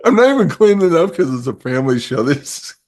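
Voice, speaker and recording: A man's voice: a little high, very animated, darkish tone. Rambling, laughing male movie reviewer. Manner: rambling, laughs often, acts out scenes in quick voices. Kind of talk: casual chat.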